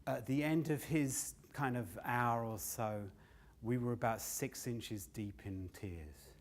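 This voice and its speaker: Older man, live storytelling, sweary, laughs at his own jokes, mid pitch. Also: slow. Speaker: storyteller and comedian.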